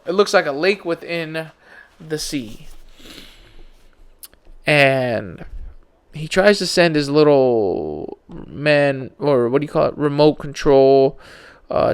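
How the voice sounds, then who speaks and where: A tired podcast host runs his show solo, rambling in casual slang about conspiracy theories and yawning mid-sentence. His voice is on the high side and creaky, with a clean tone.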